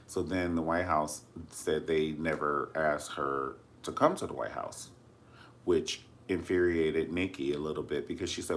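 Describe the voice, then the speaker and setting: A man's voice: a bass voice, a little slow, pauses often. A man chatting casually about celebrity news in a sassy, dramatic way, often calling viewers honey. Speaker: vlogger discussing celebrity news. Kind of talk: casual chat to camera.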